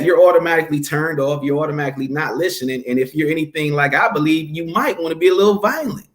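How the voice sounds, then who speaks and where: A man's voice: on the high side, fast talker, few pauses. A man as an interview guest, talking emphatically and preacher-like, posing questions and answering them himself. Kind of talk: casual conversational interview.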